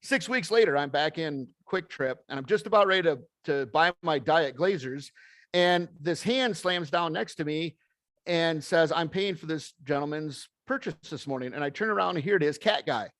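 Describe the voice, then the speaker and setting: A middle-aged man speaks to an audience in a plainspoken, folksy way, acting out each bit of dialogue as he tells it. His voice sits a little high for a man. The sound is close and dry, with almost no room around it. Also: moderate pace, a bit bright, dry recording. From American Midwest. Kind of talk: motivational talk to an audience.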